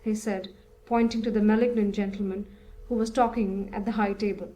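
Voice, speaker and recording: A woman narrating a classic novel as an audiobook in a steady, measured reading. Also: medium pitch, low-quality recording.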